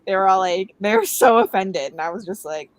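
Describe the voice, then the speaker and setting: A woman's voice: mid-range voice, brisk, dry recording, poor audio. Offhand Canadian woman chatting on a call. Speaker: booktuber. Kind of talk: casual group chat on a call.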